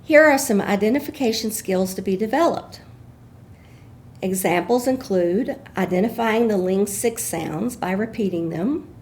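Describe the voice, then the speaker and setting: A woman giving measured, explanatory scripted narration as an instructor. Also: mid-range voice, a little mellow.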